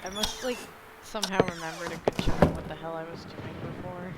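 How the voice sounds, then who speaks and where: Woman streamer, rambling self-mocking game chat, loud hiss behind. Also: fairly low pitch, fairly even intonation, brisk. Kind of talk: casual let's-play commentary.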